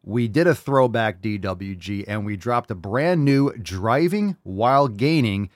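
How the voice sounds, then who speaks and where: A man hosting his own livestream podcast, delivering a loud, profane, jokey and hyped-up monologue. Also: fairly low pitch, lively intonation, a little slow, no room sound, studio quality. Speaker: podcast host. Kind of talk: brash comedic livestream monologue.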